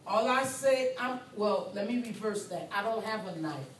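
An animated woman with a mid-range voice teaches a nursing class at normal speed, emphatically repeating key points while acting out the patient in the first person. The sound is roomy and far from the mic, carrying faint ambience and slight background noise.

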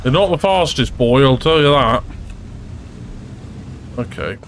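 A man giving chatty, excitable commentary over his own gameplay as a regular gaming creator, often laughing. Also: medium pitch, a little slow, a little hiss or hum. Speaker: gaming YouTuber.

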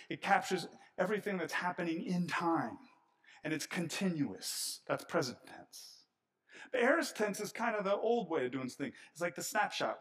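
A middle-aged man preaching a sermon as pastor, animated and swinging between hushed and loud passages. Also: medium pitch.

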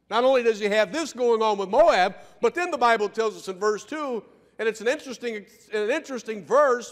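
High-voiced male pastor preaching in a church. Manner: emphatic preaching with slowed, stressed phrases. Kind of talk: sermon. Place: church sanctuary. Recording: long church reverb.

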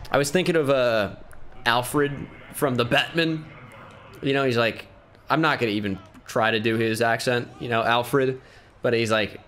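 A man giving excitable video game commentary, thinking aloud with bursts of hype. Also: mid-range voice, measured pace, a little hiss or hum. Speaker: gaming YouTuber.

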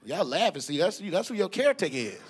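A man's voice: high voice, big pitch swings, fast. A man doing stand-up comedy, telling a slangy story with animation into a handheld mic on a club stage.

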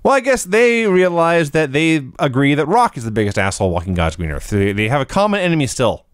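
A man co-hosts a podcast, running down match results from his notes in a matter-of-fact way. His voice is a touch high and swings widely in pitch, recorded dry and close. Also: very animated, brisk, clear, resonant tone, no echo. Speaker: podcast co-host. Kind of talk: casual wrestling recap chat.

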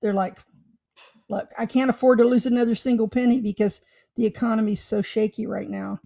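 A woman's voice: on the high side, fairly even intonation, fairly quick, gravelly, warm tone. A woman hosting an interview who asks long, rambling, loosely phrased questions. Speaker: show host. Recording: dull lo-fi audio.

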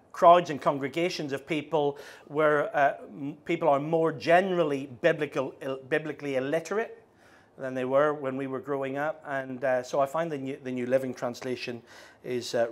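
A middle-aged man with a Northern Irish accent preaching a sermon, speaking slowly and deliberately with frequent ums and restarts. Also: medium pitch. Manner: slows down, halting with fillers.

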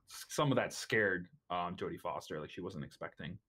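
A young man co-hosting a podcast, chatting casually about a film with halting starts and repeated words. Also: low-pitched, lively intonation, fairly bright tone, breathy edge. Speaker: podcast co-host.

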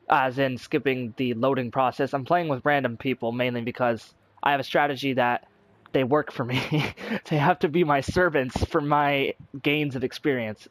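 A man's voice: mid-range voice, no echo. A young man chatting casually over his own gameplay as a gaming YouTuber, rambling with lots of fillers and restarts. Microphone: console recording software.

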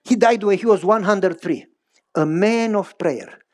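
A middle-aged man preaching a sermon, telling personal stories in an animated way with big pitch swings and repeated phrases. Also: a little slow. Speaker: pastor.

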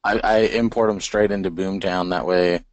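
A young man with a very low voice talks through his daily routine to a coach. He is halting and earnest, leaning on fillers and restarts. The sound is dry and close, with no room around it. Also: fairly even intonation, no echo, muffled recording. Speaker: inside sales agent. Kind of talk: casual call with a coach.

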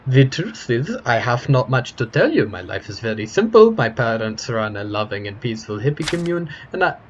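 A man's voice: mid-range voice, big pitch swings, normal speed, muffled recording, a little hiss or hum, natural voice. A man voicing a lonely, chatty elderly man who speaks broken English with a put-on foreign accent and gets flustered when asked about it. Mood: cheerful. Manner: cheerful and flustered, insists he has no accent.

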